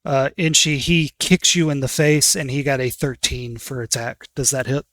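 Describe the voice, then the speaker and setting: Male game master, tabletop game narration, loose and full of fillers, mid-pitched, dry close sound. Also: fairly even intonation, normal speed, fairly bright tone, dry recording.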